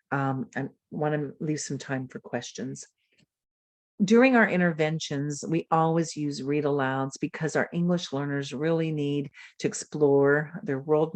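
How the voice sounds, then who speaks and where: A woman's voice: extremely low pitch, no echo. A woman giving a teacher-training webinar over a video call, explaining lessons in a teacherly way and often checking in with "right?". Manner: warm teacherly, frequent "right?" check-ins. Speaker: presenter. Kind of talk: webinar lecture. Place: home or office, recorded over video call.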